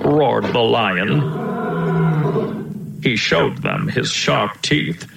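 A man narrating a children's storybook aloud in a steady, storytelling way, in a roomy-sounding recording. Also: mid-range voice, very slow, creaky, long pauses. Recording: roomy echo.

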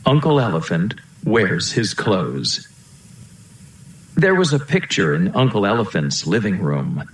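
A man reading a children's storybook aloud in a slow, lilting narration. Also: fairly low pitch, big pitch swings. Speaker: storybook reader. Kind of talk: children's book read-aloud. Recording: roomy echo.

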